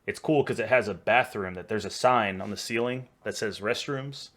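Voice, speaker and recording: Texan guy host, low-pitched, rambling casual reactions, a bit tipsy. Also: moderate pace, a bit bright. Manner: rambling, chatty, laughs easily.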